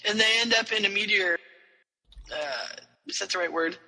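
A man's voice: high voice, normal speed, long reverb tail, poor audio. A man co-hosting a podcast, recapping a story in casual chat and animatedly acting out the characters' lines. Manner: animated retelling with quoted voices. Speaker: podcast co-host.

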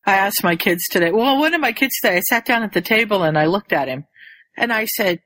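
A woman's voice: mid-range voice, animated, fast talker, fairly bright tone, dry recording. A woman who works with small children, chatting casually and telling amused anecdotes. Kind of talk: casual chat.

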